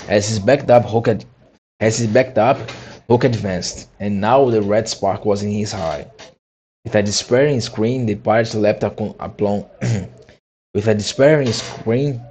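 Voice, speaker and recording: A man's voice: fairly low pitch, dark tone, a little hiss or hum, poor audio. A man reading a classic children's novel aloud, often stopping to restart and re-read phrases. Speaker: audiobook reader. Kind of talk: amateur storybook reading.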